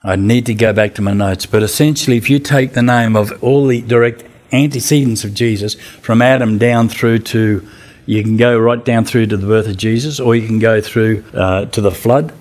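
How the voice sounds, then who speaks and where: A man giving an informal talk on Bible translation, answering a group's questions in an animated way that climbs in pitch for emphasis. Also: moderate pace. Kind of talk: casual teaching talk.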